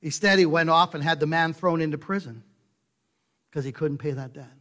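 Here a male preacher gives a sermon at normal speed. He leans on rhetorical questions and emphasis, shifting between hushed low remarks and loud, forceful points.

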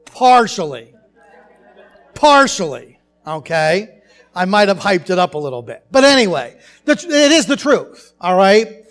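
A male pastor preaching a sermon in his church, telling stories in a conversational way with animated asides. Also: high voice, measured pace. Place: church sanctuary.

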